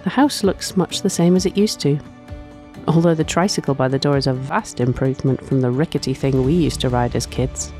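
A woman reads a first-person story aloud in a soft, reflective way, often sighing between lines. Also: extremely low pitch, a little fast, soft background music. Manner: soft, reflective, with frequent sighs. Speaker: narrator.

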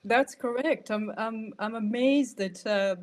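A woman's voice: on the high side, a little slow, darkish tone. A French-born woman with a Scottish accent tinged with Irish, talking as a guest in a hesitant, restarting way with frequent laughter. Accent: Scottish with French and Irish traces. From France. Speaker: guest, nonviolent communication trainer. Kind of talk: casual conversation.

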